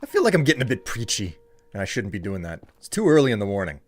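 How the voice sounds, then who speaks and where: A man's voice: lowish voice, very animated, fast talker. A man from the United States chatting casually on a live stream, rambling and ranting as he answers his chat.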